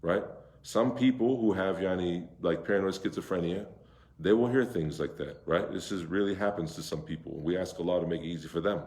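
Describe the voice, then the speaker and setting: A man teaching Quran recitation to a class, drawing out Arabic words slowly and asking his students questions. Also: low-pitched, darkish tone. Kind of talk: interactive class lesson. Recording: echoey room.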